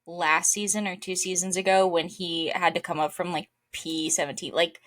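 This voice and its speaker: A woman's voice: on the low side, little pitch movement, normal speed, fairly bright tone. A young woman co-hosting a podcast, chatting casually with wry, sarcastic asides. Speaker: podcast co-host. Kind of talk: casual chat.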